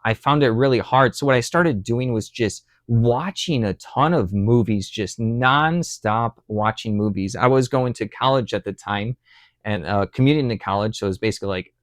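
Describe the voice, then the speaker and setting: A young man hosting his channel, casually telling a rambling personal story, with lots of fillers and restarts, lifting his voice high and loud when he acts out what he said. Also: normal speed, no room sound, clean studio sound. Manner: animated, acts out quotes with rising voice. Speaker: channel host.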